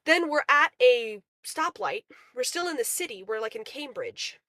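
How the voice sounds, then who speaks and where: A woman telling a story on a livestream in a casual, animated way, full of "like" fillers. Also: high voice, moderate pace, dry recording. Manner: animated, filler-heavy retelling. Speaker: guest on a livestream.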